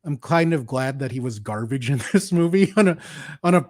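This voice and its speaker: A man hosting a relaxed film review chat, laughing often as he shares strong opinions. His voice sits at an ordinary pitch, recorded close and dry with no room sound. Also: a little fast, no room sound. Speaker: podcast host.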